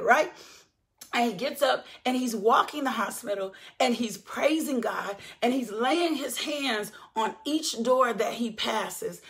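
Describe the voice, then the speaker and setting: A middle-aged woman hosts her show and shares an emotional faith testimony. Her voice sits high, and she repeats her lines in a preaching rhythm that builds toward shouts. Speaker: podcast host.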